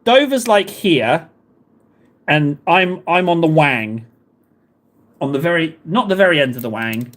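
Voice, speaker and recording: A man's voice: fairly high pitch, expressive, measured pace, long pauses, fairly bright tone. A man, chatting casually with live viewers in a rambling, self-deprecating way. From England. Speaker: livestream host.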